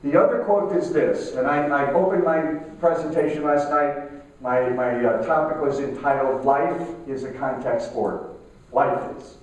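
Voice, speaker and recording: A middle-aged man gives a conversational motivational talk, slowing down to stress key lines. His voice sits a bit high. The recording is very echoey and picked up from a distance in a conference room. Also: fairly even intonation. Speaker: keynote speaker. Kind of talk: motivational talk to a live audience. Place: conference room at a networking event. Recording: echoey room, mic from far off.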